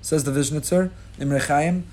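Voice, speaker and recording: A man, a rabbi giving an impassioned sermon on the Torah portion, weaving Hebrew terms into English and rising high when he acts out pleas. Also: steady tone, normal speed, a little mellow.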